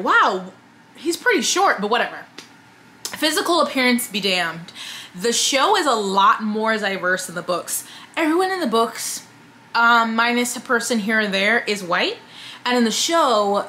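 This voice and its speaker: A woman talking casually to camera as a book reviewer, chatty and opinionated, with many fillers and quick asides. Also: fairly high pitch, sing-song, pushed and bright, slight background noise.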